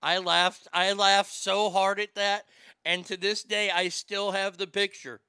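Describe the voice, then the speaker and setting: A man's voice: sits high, flat delivery, measured pace, pushed and bright, smooth, no echo, clean studio sound. A man hosting a comedic talk show, laughing often and stammering as he jokes crudely. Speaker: radio show host.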